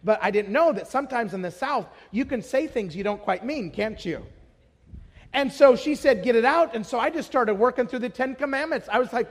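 A man with a very high voice preaching in a hall that rings with long reverb. He is from Idaho, tells stories and fires rhetorical questions at the audience, then rises to emphatic declarations. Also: brisk. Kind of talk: sermon.

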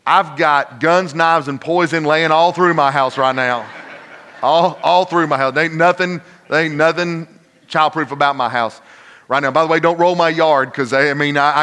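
An older man preaching a folksy sermon that swells into loud, emphatic peaks. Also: medium pitch. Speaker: pastor. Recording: long hall reverb.

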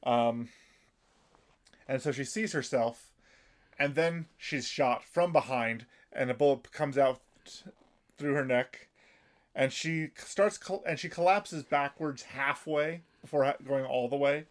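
A man's voice: medium pitch, takes it slowly. A man in casual chat, retelling an episode in detail with frequent restarts and fillers. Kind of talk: casual chat recapping an anime.

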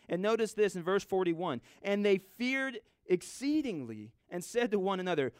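A man preaching a sermon in a conversational way, swinging from loud, urgent lines to hushed ones. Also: high-pitched, animated, moderate pace, hardly any pauses, clean tone, dry recording, studio quality.

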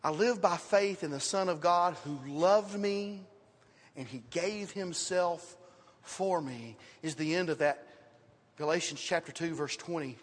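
Male preacher, high-pitched and lively, telling church stories, heard in a reverberant sanctuary. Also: breathy edge. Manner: animated storytelling with scripture quotes. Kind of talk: sermon. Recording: reverberant hall.

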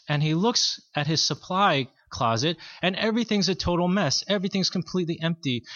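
A man preaching a sermon as pastor, in a measured, earnest teaching manner. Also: sits high, a bit bright, dry recording, dull audio.

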